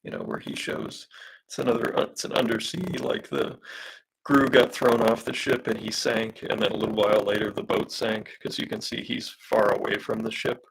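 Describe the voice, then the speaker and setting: Hoarse male artist on a live stream, deep and gravelly, rambling, filler-heavy chat. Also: moderate pace, a bit bright, a little hiss or hum, poor audio. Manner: rambling, hesitant, many fillers, reads out viewer comments. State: losing his voice from smoke. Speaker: comic artist streaming a live drawing session. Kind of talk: casual live-stream chat while drawing.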